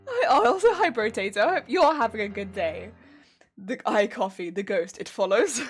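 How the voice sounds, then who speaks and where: A woman streamer chatting casually with her live chat while crafting, laughing often, her weak voice cracking when her pitch changes. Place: home crafting stream setup.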